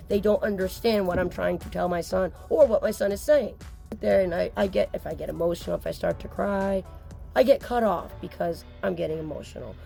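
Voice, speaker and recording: A woman's voice: lowish voice, vocal fry, warm tone. A woman talking to camera as a mother speaking out, upset, insistent and blunt, with occasional swearing. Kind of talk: emotional personal vlog.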